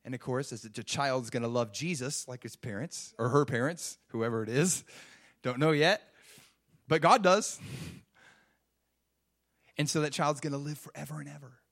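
A man's voice: mid-range voice, moderate pace, vocal fry, long pauses, a bit bright. A man preaching a sermon, emphatic and full of rhetorical questions. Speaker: pastor.

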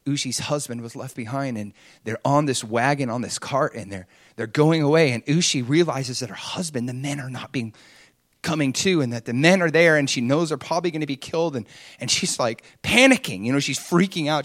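A man's voice: medium pitch, brisk, a bit bright, dry recording, studio quality. A man preaching an earnest, conversational sermon, retelling a story and acting out the quotes.

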